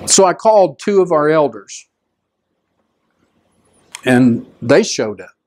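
A man's voice: sing-song, slow pace, a little mellow. A middle-aged male pastor, preaching conversationally and acting out the people in his story. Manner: conversational, acts out quoted voices with rising pitch. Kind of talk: storytelling sermon.

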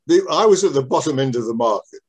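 A man's voice: mid-range voice, lively intonation, quick pace, darkish tone, husky. An older man reminiscing in an interview about how he started in business, talking in a rambling, digressive way with many restarts.

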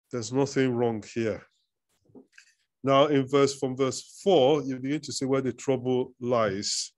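A man's voice: medium pitch, darkish tone. Man preaching a conversational sermon. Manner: conversational teaching, reads scripture aloud, repeats words. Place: church.

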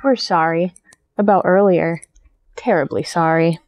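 A woman voicing a rowdy troop of small ants in a high, excited and fussy manner, in a read-aloud storybook. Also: a little slow. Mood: polite.

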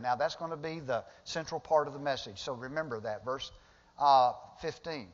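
A man's voice: medium pitch, normal speed. A male pastor preaching a sermon in a church sanctuary, talking conversationally and rising to emphatic bursts when he retells the story. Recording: dull lo-fi sound with long hall reverb.

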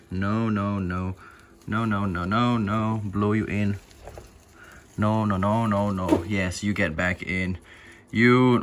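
Excitable man talking to his spiders. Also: low voice, a little hiss or hum. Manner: excitable, talks to his spiders, laughs and exclaims often. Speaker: tarantula keeper filming feedings. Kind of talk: casual vlog commentary.

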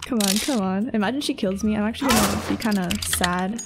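A woman giving casual, excitable commentary over her own gameplay, laughing and exclaiming often. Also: medium pitch, quick pace, very noisy. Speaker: gaming YouTuber.

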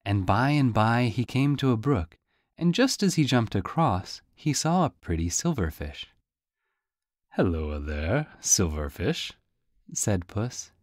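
A man narrating a storybook audiobook in a lively, folksy way. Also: mid-range voice, moderate pace, no room sound, studio quality. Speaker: audiobook reader.

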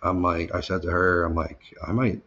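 A man's voice: sits low, steady tone, moderate pace, bright, forceful tone, dull audio, slight background noise. A man being interviewed, telling his story casually and with lots of swearing, acting out the people he quotes. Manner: casual, profane, filler-heavy storytelling; acts out quoted people, voice jumping up when heated. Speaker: interview guest.

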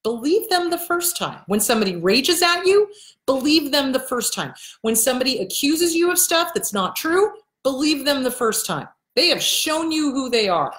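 A woman's voice: high voice, big pitch swings, normal speed, fairly bright tone, reverberant. A woman counselor talking casually to her viewers, blunt and emphatic, repeating her key points and swearing now and then. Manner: acts out quoted people in a shifted voice. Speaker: host and counselor answering viewer questions. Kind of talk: casual advice talk to camera. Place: indoors in front of a backdrop.

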